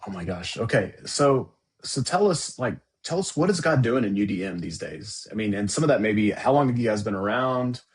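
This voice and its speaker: Chatty man hosting, slightly husky. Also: fairly low pitch, expressive, moderate pace, few pauses. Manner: upbeat and chatty, with fillers. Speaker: podcast host. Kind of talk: casual interview hosting.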